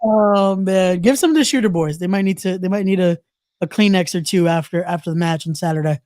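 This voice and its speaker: A man's voice: high-pitched, brisk, darkish tone, no room sound. A man hosting a wrestling podcast in casual chat, often repeating himself and trash talking rivals playfully. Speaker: podcast host.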